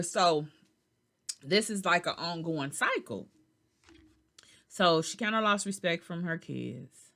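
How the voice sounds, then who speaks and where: A woman's voice: mid-range voice, lively intonation, unhurried, gravelly, fairly bright tone. A tired, yawning middle-aged woman hosting a podcast, telling a story in a loose, chatty way and talking straight to her listeners. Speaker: podcast host. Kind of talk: casual storytelling monologue.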